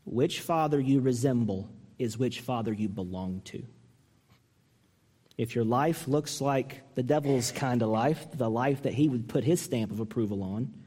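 A pastor preaches a sermon earnestly and emphatically, asking his listeners pointed questions and climbing high when he mimics a harsh reading. He speaks unhurriedly in a mellow voice with a breathy edge, and the sound is that of a big room.

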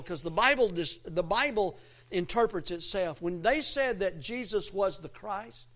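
A man preaching a sermon, swelling into loud emphatic lines and dropping low again, with a folksy, self-interrupting delivery. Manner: preaching with rising, emphatic swells and quiet drops. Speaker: pastor.

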